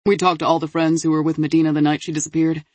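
Brief: businesslike male detective, even delivery; female narrator voicing him. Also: sits low, rapid-fire, no echo. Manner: matter-of-fact, level. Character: male detective reporting case findings.

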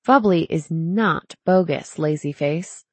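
A woman's voice: lowish voice, lively intonation, moderate pace, mellow, no room sound. A woman voicing a playful teenage girl who coaxes and teases sweetly. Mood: teasing. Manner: coaxing, sweet.

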